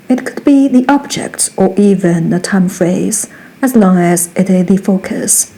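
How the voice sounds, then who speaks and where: A woman giving a scripted grammar lesson, reading each example sentence twice, slowly and precisely. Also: medium pitch, dark tone, poor audio. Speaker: Mandarin teacher.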